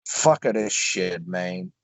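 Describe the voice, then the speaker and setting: A man's voice: on the low side, animated, very slow, vocal fry, a bit bright, no echo. A man co-hosting a podcast, chatting casually with blunt, profane reactions. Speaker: podcast co-host. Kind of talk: casual chat.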